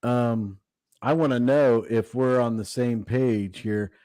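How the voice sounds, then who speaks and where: A man's voice: mid-range voice, steady tone, takes it slowly, warm tone, no echo, studio quality. A man co-hosting a casual livestream, hesitant and full of fillers. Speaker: livestream co-host.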